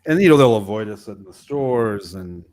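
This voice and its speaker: A man in his fifties, a missionary pastor co-hosting a casual chat, telling stories in a rambling, animated way with many restarts. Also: on the low side, moderate pace.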